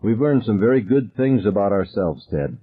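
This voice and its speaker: Cold, superior teen girl who lectures, read by a man; husky voice. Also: on the low side, big pitch swings, normal speed, narrow, tinny audio.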